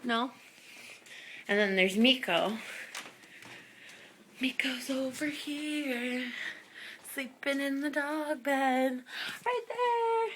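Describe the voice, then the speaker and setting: A woman's voice: sits high, very slow, pauses often, fairly bright tone, a little hiss or hum. A young woman house-sitting, out of breath, chatting and cooing at pets while she films indoors on a handheld camera. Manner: bubbly, talking baby talk to pets. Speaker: vlogger. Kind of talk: casual home vlog.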